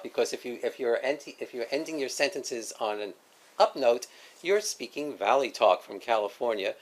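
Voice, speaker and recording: A man hosts a talk about teaching. His pitch sits in the middle of the range. He speaks in a loose, halting way, with plenty of ums and self-corrections. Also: expressive. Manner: hesitant, many fillers and restarts, laughs often. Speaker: host. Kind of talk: casual educational discussion.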